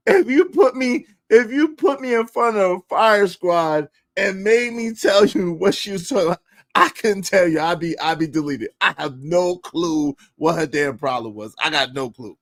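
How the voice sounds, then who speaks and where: A man telling a personal story in profane street slang, swinging between low mutters and loud outbursts. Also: lively intonation, measured pace. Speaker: podcast storyteller. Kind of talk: animated storytelling.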